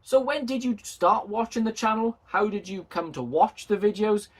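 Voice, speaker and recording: Chatty self-deprecating man, husky. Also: high-pitched, normal speed. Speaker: model railway YouTuber. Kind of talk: casual chat to viewers.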